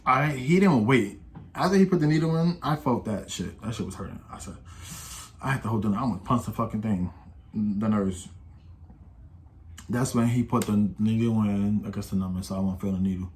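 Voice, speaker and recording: A man's voice: fairly low pitch, moderate pace. An eighteen-year-old man telling a casual storytime, rambling and slangy, with many restarts and quoted voices. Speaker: vlogger.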